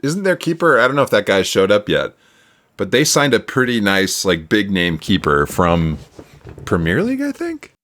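Laid-back man with a low, lively voice. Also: normal speed. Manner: laid-back, laughs often. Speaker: podcast co-host. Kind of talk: casual sports chat.

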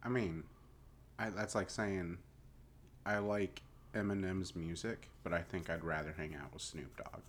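A young man with a somewhat low voice, trading dry, teasing remarks on a casual podcast. A faint background noise runs under the recording. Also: fairly even intonation, unhurried. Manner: dry, teasing back-and-forth. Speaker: podcast co-host. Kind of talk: casual chat.

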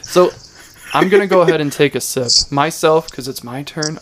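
A man's voice: fairly high pitch, moderate pace, fairly bright tone, a little hiss or hum. A man hosting a casual podcast, joking and teasing his friends as he talks. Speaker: podcast host. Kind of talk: casual banter.

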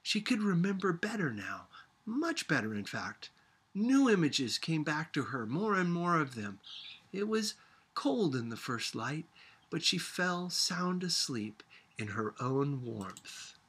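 Man reading a novel to a class, lively, bright, husky. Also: on the high side, slow pace. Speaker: teacher reading aloud.

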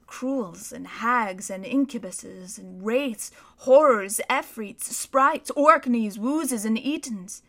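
A woman reads a children's story aloud with dramatic, expressive storytelling. Her voice is bright and sits fairly high. She slows down and leans into the vivid scenes. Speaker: narrator. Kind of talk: audiobook reading of a children's story.

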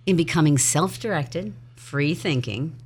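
A woman's voice: low-pitched, a little slow, a little mellow, breathy edge. A woman in her fifties co-hosting a podcast with her husband, chatty and laughing often, sometimes trailing off. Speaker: podcast co-host. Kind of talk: casual chat with spouse.

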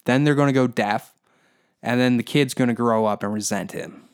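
A man's voice: medium pitch, moderate pace, clean tone. A man from Canada, hosting a comedy podcast with a crude, profane, rambling rant. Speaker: podcast host.

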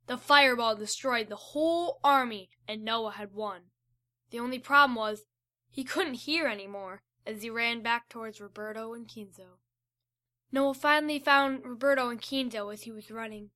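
A woman narrating a story aloud in an animated reading voice. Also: on the high side, moderate pace.

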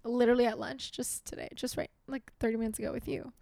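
A woman co-hosting a podcast, chatting casually, animated and emotional, laughing often. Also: on the high side, quick pace, gravelly, no room sound. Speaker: podcast co-host. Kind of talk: casual chat.

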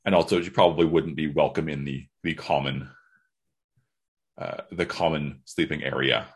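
Deep-voiced, husky man as game master. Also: moderate pace. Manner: relaxed and descriptive, with frequent restarts. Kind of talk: narrating a tabletop game.

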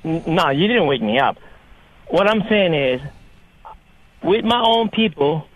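Nicaraguan guy calling in, high voice, halting and earnest, dry sound. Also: animated, no room sound, low-quality recording. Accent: Nicaraguan Spanish. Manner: earnest, halting, repeats himself. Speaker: caller. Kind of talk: call-in talk radio.

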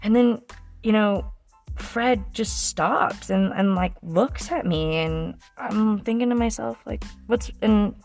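Slow, gravelly-voiced woman podcast host. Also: mid-range voice, a little mellow, soft background music. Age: 30s. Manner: chatty, rambling, laughs often. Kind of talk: casual storytelling.

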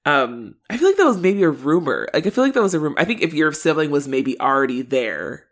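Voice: medium pitch, sing-song, a little fast. Rambling, hesitant podcast co-host. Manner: rambling and hesitant, many fillers and restarts. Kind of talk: casual recap chat.

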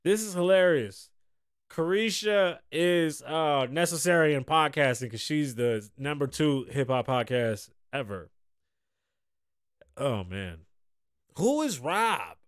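A man's voice: a little high, animated, takes it slowly, no echo, clean studio sound. A man hosting a podcast in casual chat, rambling and swearing freely as he reads and reacts to stories. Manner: rambling, profane, laughs at his own stories. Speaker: podcast host.

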